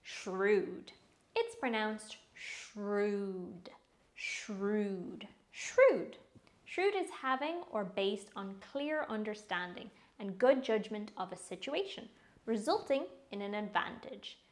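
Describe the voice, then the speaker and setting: A woman teaching English vocabulary, saying each word slowly and clearly several times before explaining it. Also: a little high. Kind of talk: slow vocabulary lesson with repeated pronunciations.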